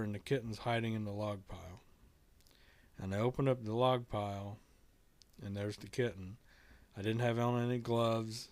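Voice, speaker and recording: A middle-aged man casually telling a story to camera in a halting, earnest way, often restarting his sentences. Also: mid-range voice, darkish tone, dry recording. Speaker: vlogger telling a kitten rescue story.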